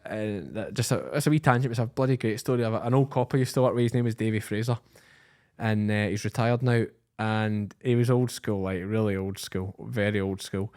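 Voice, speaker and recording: A man's voice: lowish voice, steady tone, fairly quick, darkish tone, clear, resonant tone. A Scottish man, a podcast co-host, telling a story in casual chat and laughing as he goes.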